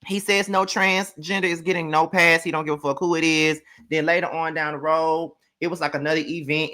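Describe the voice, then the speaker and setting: A man's voice: fairly high pitch, a bit bright. A man from Mississippi, recapping a reality show in sassy, profane, emphatic rants. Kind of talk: casual ranting commentary.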